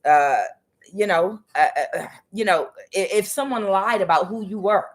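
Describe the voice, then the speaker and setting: A woman's voice: medium pitch, moderate pace. A woman giving a casual tarot reading, talking in a chatty, profane way with many fillers and calling the listener honey and child. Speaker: tarot reader.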